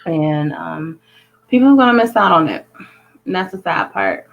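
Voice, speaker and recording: A woman co-hosting a web talk show, telling animated stories with playful sound effects and frequent laughs. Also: on the low side, normal speed, gravelly, highs cut off. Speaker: co-host and virtual event host. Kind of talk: casual chat.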